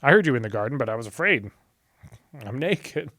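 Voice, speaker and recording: A man's voice: mid-range voice, very animated, fairly quick, a bit bright, no room sound. Guy reading as adam, nervous excuse-making first man, dry mic.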